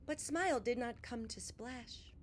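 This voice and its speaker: A woman reading a picture book aloud to children, expressive and unhurried, sometimes sinking to a soft whisper. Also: fairly high pitch, slight background noise. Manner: animated, slow and expressive, drops to soft whispers. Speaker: children's story reader. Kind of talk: read-aloud storytelling for children.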